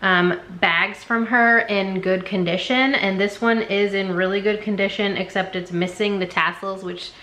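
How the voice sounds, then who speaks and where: A woman's voice: mid-range voice, fairly even intonation, normal speed, few pauses, fairly bright tone. Chatty woman vlogger in an echoey room. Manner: chatty, many um fillers, unsure of brand names. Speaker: thrift reseller showing a haul. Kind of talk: casual haul vlog.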